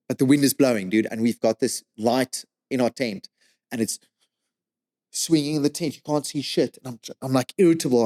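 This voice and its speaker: Swearing man telling a story. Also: medium pitch. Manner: animated, swears a lot, says "like" and "dude" often. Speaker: podcast guest. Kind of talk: casual storytelling.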